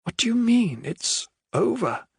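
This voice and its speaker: Brief: defiant young noblewoman, high and strained, cracking voice, read by a man. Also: big pitch swings, moderate pace, vocal fry, slightly rough, no room sound, studio quality, full character voice. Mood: demanding. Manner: demanding, voice cracking.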